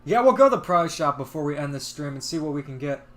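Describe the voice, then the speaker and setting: A man's voice: a little high, sing-song, quick pace, fairly bright tone, soft background music. A man hosting a gaming livestream, chatting casually and laughing as he plays and comments.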